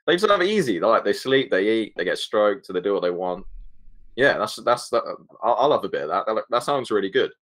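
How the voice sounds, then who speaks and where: A man's voice: lowish voice, big pitch swings, a little fast, a bit bright. A man co-hosting a casual football fan podcast, chatty and laid-back, spinning little stories. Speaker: podcast co-host. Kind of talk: casual chat.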